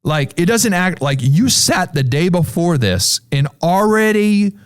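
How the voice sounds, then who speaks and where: Man, church podcast, animated storyteller, voices for each character, high-ish pitch, very lively intonation, dry close sound. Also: a little slow, clean tone, no echo. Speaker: pastor. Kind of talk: casual church podcast conversation.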